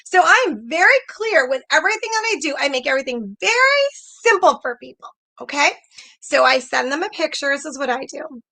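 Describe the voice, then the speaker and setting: A woman's voice: high voice, sing-song, a little fast, bright, forceful tone. A woman coaching a group on direct sales in a chatty, upbeat way, often acting out messages. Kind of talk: casual coaching talk to an online group.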